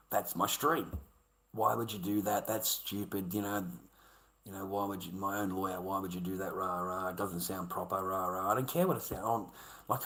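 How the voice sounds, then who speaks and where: A middle-aged Australian man streaming live delivers an angry, combative, profane monologue that keeps repeating itself. His voice is fairly low and a bit bright, recorded in an echoey room.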